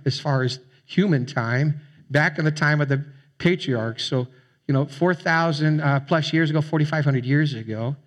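A man preaching a sermon as a pastor, speaking conversationally with frequent fillers and restarts. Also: on the high side. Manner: conversational, with fillers and repeated words.

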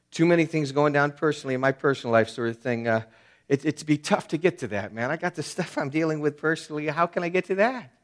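A man preaching an expository sermon, emphatic and conversational, with frequent fillers and restarts. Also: mid-range voice. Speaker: pastor.

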